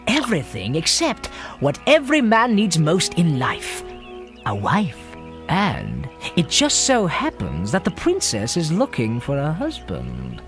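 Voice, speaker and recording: A prim British talking cat. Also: male voice, fairly high pitch, wildly swooping pitch, unhurried, music in the background, full character voice. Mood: sly. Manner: polished, classy, fussy. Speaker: animated film character.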